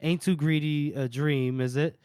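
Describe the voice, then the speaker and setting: A man with a fairly high, smooth voice walks his co-hosts through a chapter, slipping in quick character lines as he retells each scene. The sound is close and dry, with no room behind him. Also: fairly even intonation, a little mellow, dry recording. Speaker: podcast co-host. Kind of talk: casual book discussion podcast.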